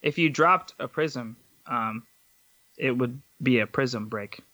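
A man's voice: mid-range voice, takes it slowly, pushed and bright, no room sound. A man hosting a casual podcast with a jokey, punning manner. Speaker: podcast co-host. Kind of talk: casual chat.

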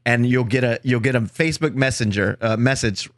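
A man's voice: medium pitch, normal speed, dry recording, clean studio sound. A man who is a comedian, chatting casually on a podcast and acting out both sides of his stories. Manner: animated storyteller acting out both sides of chats. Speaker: comedian guest.

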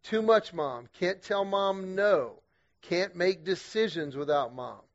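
A middle-aged man speaking to a men's group at church, energetic and humorous, with a conversational style full of quick restarts. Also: sits high. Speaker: guest speaker leading a men's group series. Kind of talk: storytelling church talk to men. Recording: dull lo-fi sound.

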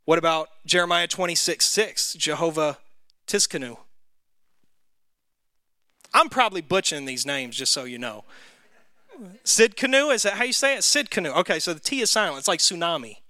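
Bright high-voiced Southern man teaching. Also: sing-song, brisk, no room sound. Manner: conversational, quizzes the group, self-deprecating. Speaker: Bible study teacher. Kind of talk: interactive Bible class teaching.

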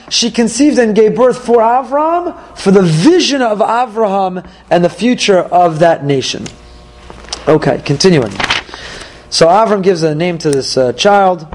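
Man teaching a lively Torah class. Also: high voice, poor audio. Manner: animated, asks questions and answers them himself.

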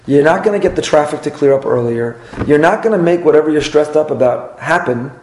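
A fairly high-voiced man gives a Torah class, animated and emphatic, repeating his points and slipping into quick acted-out exchanges. The room is roomy and echoey. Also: slight background noise. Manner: animated, repeats phrases and acts out little dialogues. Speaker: rabbi teaching a class. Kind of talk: Torah class lecture with audience questions.

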